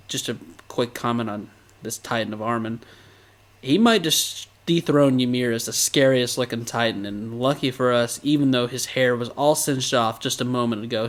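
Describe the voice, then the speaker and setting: A man co-hosting a podcast, recapping episodes in a casual, animated way and laughing often. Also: medium pitch.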